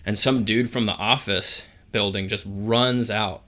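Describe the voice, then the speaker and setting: A man's voice: fairly low pitch, steady tone, measured pace, sharp tone. A young man co-hosting a podcast, telling a story in a laid-back way, swearing freely and filling with "like". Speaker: podcast co-host. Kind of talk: casual chat.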